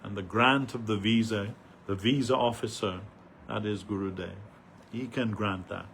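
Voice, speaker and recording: A man giving an earnest devotional sermon at a festival, pausing often with "uh" as he searches for words. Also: fairly low pitch, steady tone, creaky, fairly bright tone, a little hiss or hum. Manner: earnest, halting, many "uh" pauses.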